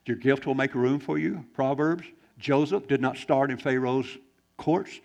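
Male pastor, gravelly tone, swings from loud bursts to near-whispers, sermon delivery. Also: medium pitch, a little slow, dull audio. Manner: animated preaching, swings from loud exclamations to hushed quiet.

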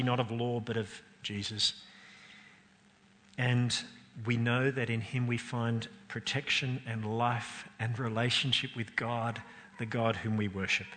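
Bright-voiced man preaching in a reverberant hall. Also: mid-range voice. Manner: earnest, emphatic, rising and falling for stress. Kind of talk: sermon.

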